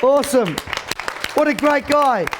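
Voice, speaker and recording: Man, very high voice, motivational speaker, brash and joking, stammering restarts, live seminar. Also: lively intonation, measured pace, crowd noise, background noise. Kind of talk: live seminar address to a crowd. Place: event hall with live audience.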